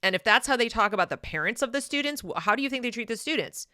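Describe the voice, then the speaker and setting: A woman hosting an opinion commentary monologue, speaking in an animated, sarcastic way. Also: fairly high pitch, fast, smooth, no echo, clean studio sound. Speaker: channel host.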